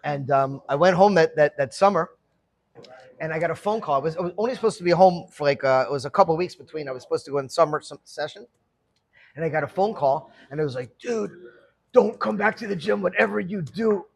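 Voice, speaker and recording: A middle-aged man with a high, husky voice spins stories from his own life in an animated, casual way. He laughs often as he talks. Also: fast talker. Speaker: guest speaker telling his life story. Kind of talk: casual storytelling talk.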